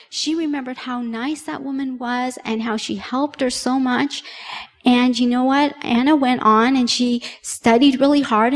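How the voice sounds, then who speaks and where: Woman, children's sermon, chatty storytelling, asks kids questions, fairly high voice, long hall echo. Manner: warm, conversational, addressing children with questions. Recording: long reverb in a large hall.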